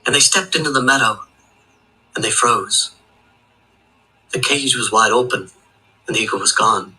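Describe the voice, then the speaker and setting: A man telling a folk tale aloud, with a steady rhythm that links each line with "and". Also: medium pitch, moderate pace, husky, poor audio. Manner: rhythmic, with long chains of "and". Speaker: storyteller.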